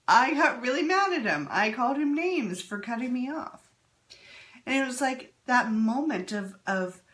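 A woman giving a casual, candid talk on spirituality, animated and quick to laugh at herself. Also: a little high. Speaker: spiritual speaker.

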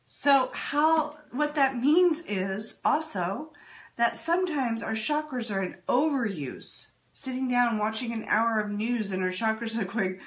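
A woman with a fairly high voice talks about spirituality in a candid, casual way. She is animated and often laughs at herself. Her delivery swings between quick asides and slow, emphatic lines. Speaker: spiritual speaker.

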